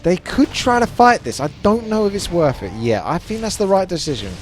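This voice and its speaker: A man's voice: sits high, very animated, a little fast, soft background music. A man casting a live strategy game match, chatty and analytical. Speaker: esports caster.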